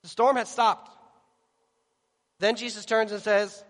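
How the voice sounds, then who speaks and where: A man preaching a sermon, animated, acting out voices and asking his audience direct questions. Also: high-pitched, moderate pace, long pauses. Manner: animated, acts out voices of worried people and Jesus. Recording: long reverb of a large hall.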